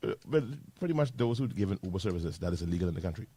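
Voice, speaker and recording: Low-voiced Bahamian man hosting radio. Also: lively intonation, rapid-fire, warm tone, husky, dry recording. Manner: reads out listener messages, leads the topics. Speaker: pastor and radio show host. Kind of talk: casual radio panel chat. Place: radio studio.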